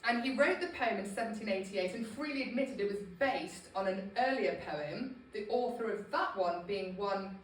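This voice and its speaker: A Scottish woman gives a chatty, humorous talk to a small group, often laughing at herself. Her mid-range voice moves at a moderate pace with few pauses. The room is echoey, she sounds distant, and there's slight background noise.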